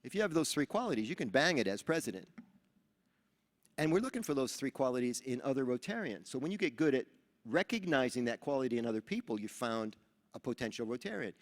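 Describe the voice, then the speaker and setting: A man from New York giving a motivational talk at a seminar, telling animated stories and acting out the dialogue. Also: mid-range voice, quick pace. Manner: animated storyteller who acts out dialogue. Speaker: Rotary speaker at a training seminar. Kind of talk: motivational speech with storytelling. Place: large event hall. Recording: reverberant hall.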